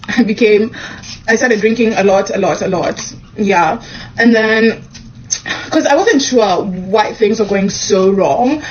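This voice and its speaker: Young woman, comedian, casual storytelling, animated, faint background noise. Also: muffled recording. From Kenya. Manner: animated, acts out the dialogue with quick pitch jumps. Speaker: comedian telling a personal story.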